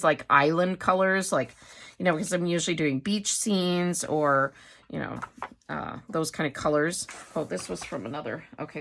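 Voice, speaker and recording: Low-voiced, chatty woman rambling over crafts. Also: a bit bright. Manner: rambling, chatty, full of fillers and self-corrections. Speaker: craft vlogger. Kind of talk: casual show-and-tell chat.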